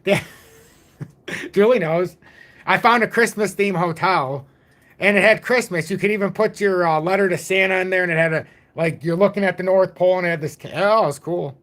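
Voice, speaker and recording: A man's voice: high-pitched, normal speed, fairly bright tone. Rambling jokey man in his forties. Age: 40s. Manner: rambling, jokey, self-deprecating. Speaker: crypto channel host. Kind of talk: casual livestream chat.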